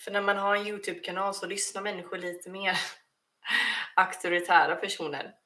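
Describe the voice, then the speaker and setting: A woman's voice: mid-range voice, flat delivery, fairly quick, pushed and bright. A woman streamer, chatting casually and reading viewer questions aloud, often restarting her sentences. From Sweden. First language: Swedish. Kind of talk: casual livestream Q&A.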